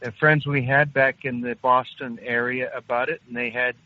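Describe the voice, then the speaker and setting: Halting older man on a phone line. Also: medium pitch, flat delivery, dry recording. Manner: halting, unhurried, frequent hesitations. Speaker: interview guest. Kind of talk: recounting a personal story. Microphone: phone call.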